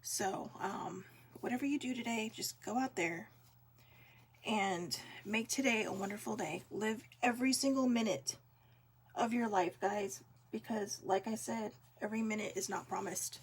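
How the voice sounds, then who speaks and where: A woman's voice: medium pitch, normal speed, slight background noise. A woman hosting a vlog, talking to her viewers in a casual, heartfelt way, earnest and encouraging, with many fillers. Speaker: vlog host.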